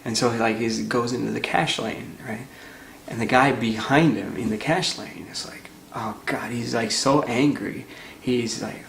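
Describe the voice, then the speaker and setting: A man's voice: medium pitch, moderate pace, gravelly, echoey room, a little hiss or hum. A man who founded a nonprofit, telling a story in an earnest, conversational way with plenty of fillers. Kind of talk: storytelling talk.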